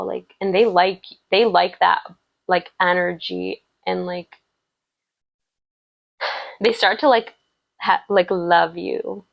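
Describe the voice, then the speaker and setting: Chatty woman with a gravelly voice. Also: medium pitch, slow pace, pauses often, no echo, dull audio. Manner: chatty, rambling, many "like" fillers, warm affirming tone. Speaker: tarot reader. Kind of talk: casual love reading to viewers.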